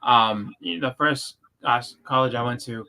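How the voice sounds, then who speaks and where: A man with a thick Boston accent, co-hosting a podcast in casual chat, talking in quick, stumbling bursts full of fillers. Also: mid-range voice, sharp tone. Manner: rapid, stumbling delivery with many fillers. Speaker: podcast co-host.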